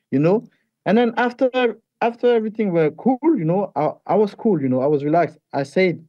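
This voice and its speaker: A male fighter speaks English, mellow and soft-edged in tone, pitched a touch high for a man. He talks haltingly, repeating words and restarting. The sound is dry and slightly dull. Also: no room sound. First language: French. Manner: halting, repeats words, animated when retelling. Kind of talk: interview answers.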